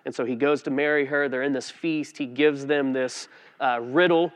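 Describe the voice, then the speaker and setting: A man preaching a sermon as pastor, telling a personal story in a conversational, animated way with frequent restarts. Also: mid-range voice, normal speed.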